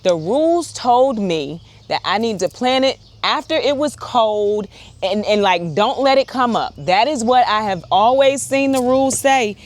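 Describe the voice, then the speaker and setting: A woman chatting excitedly to viewers while harvesting in her outdoor garden, talking straight to the camera. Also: on the high side, a little slow. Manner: chatty and excitable, often addresses viewers as y'all. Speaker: urban homesteader, channel host. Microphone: wireless clip-on mic.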